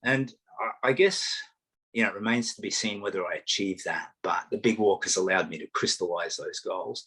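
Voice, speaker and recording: An Australian man talking casually as an interview guest, an animated storyteller with self-mocking humour. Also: low-pitched, slightly rough, rough recording. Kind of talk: casual conversation.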